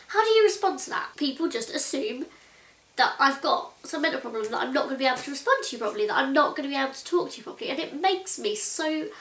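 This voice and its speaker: A woman's voice: sits high, fairly bright tone. A woman in her twenties talking to camera in a chatty, earnest and exasperated way, full of "like". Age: 20s. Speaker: vlogger. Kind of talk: casual talk to camera. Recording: echoey room.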